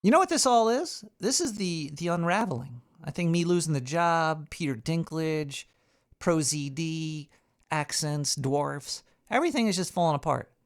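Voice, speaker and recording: A man's voice: on the high side, animated, normal speed. A man hosting a talk show, ranting in a rambling, profane way with frequent stammering and restarts. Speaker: radio show host.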